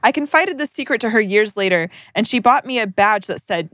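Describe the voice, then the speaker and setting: A woman's voice: medium pitch, expressive, moderate pace, fairly bright tone, dry recording, studio quality. Wry young woman reading stories aloud. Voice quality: wry, sardonic asides while reading. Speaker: podcast co-host reading listener stories. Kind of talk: casual chat, reading aloud.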